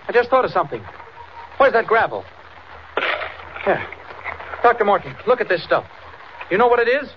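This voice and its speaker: A man's voice: high voice, big pitch swings, normal speed, long pauses. An actor playing an earnest young male reporter who is secretly a hero, urgent and eager, in 1940s radio acting. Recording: dull noisy 1940s radio recording.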